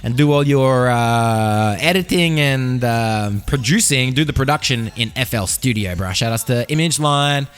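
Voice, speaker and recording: A man's voice: medium pitch, a little slow, hardly any pauses, smooth. An Australian man hosting a solo podcast, freestyling a rambling, profane monologue full of slang, close on a studio condenser mic. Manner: rambling, profane, slangy, drifting loud and soft. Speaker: podcast host.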